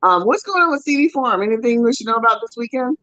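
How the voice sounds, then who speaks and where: A woman hosts a casual talk show, cheering her guest on with quick remarks. Her pitch moves a lot as she talks. The audio is dull and lo-fi, with a dry sound and no room echo. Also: expressive, pushed and bright. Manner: chatty, encouraging interjections. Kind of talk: casual chat.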